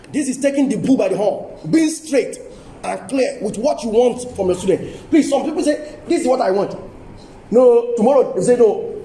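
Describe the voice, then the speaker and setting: An older man with a Nigerian English accent, his voice extremely high and mellow, coaxes colleagues through a lively seminar lecture, emphatically repeating key phrases. He is in a university lecture hall, heard from a distance with echo, faint ambience and slight background noise.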